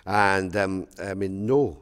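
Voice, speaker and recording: A Scottish actor in a jovial, chatty backstage interview. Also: male voice, low-pitched, takes it slowly, a bit bright. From Scotland.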